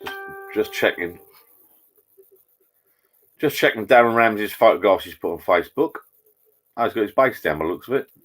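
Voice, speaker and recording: Low-voiced chatty man. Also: animated, moderate pace, pauses often. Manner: chatty, rambling, greets viewers by name. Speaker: live stream host. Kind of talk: casual live chat with viewers. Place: garden bar at home. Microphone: laptop.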